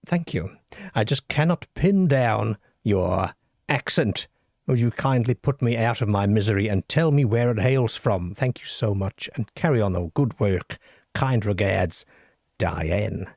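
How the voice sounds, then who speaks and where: A man's voice: lowish voice, animated, a little slow, darkish tone, dry recording, studio quality. A middle-aged or older man hosting a late-night paranormal call-in show, reading out listener stories and chatting wryly with his live audience. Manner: wry, self-deprecating, chatty with the live chat.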